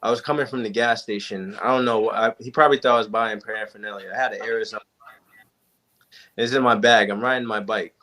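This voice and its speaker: Talking fast in a lowish voice, a young man who is a panel guest shares stories casually in a group chat. He is an animated storyteller who performs the dialogue he quotes.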